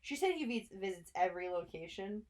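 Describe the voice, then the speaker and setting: Easygoing woman cohost, chatty, dry little asides, mid pitch voice. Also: sing-song, a little fast, a little mellow. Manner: laughs easily, dry asides. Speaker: podcast co-host. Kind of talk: casual chat.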